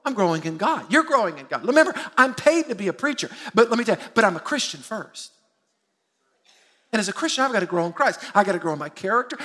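Man, pastor, sermon, middle-aged, high voice, tense and bright, congregation call-and-response, echoing sanctuary. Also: quick pace. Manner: lively, calls on the congregation to answer back; self-mocking humor. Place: church sanctuary. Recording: long hall reverb.

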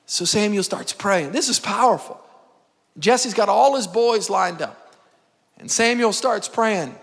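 Male pastor, sermon, high voice, call-and-response, reverberant church hall. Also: unhurried, gravelly. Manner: animated preaching with call-and-response. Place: church sanctuary.

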